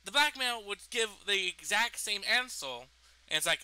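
A young man rambles through a personal story, swearing and restarting his sentences. His voice sits high and sounds very bright and sharp. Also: lively intonation, moderate pace, clear, resonant tone, no echo, rough recording. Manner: rambling, profane, full of fillers and restarts. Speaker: storytime vlogger. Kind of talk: casual storytime.

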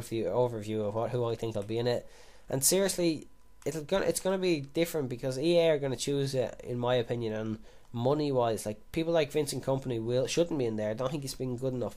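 A young man giving casual live commentary over a football video game, chatty and swearing constantly, with sudden loud excited shouts. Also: mid-range voice. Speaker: gaming YouTuber.

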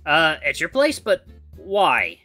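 A game streamer voicing the bewildered, flustered castaway hero of a visual novel, with high, excited exclamations. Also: slow pace, breathy edge, soft background music, heavily acted. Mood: earnest.

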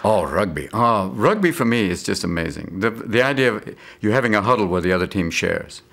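Comic male guest, riffs loosely, deep-ish gravel, swooping voice. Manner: animated, riffing, slips into quick impressions. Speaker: comedian guest. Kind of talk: interview chat.

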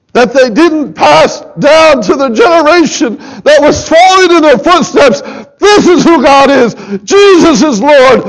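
A middle-aged pastor preaching a sermon in a church, impassioned and near tears, dropping to a soft, low voice and rising to loud, urgent pleas. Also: male voice, poor audio. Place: church sanctuary.

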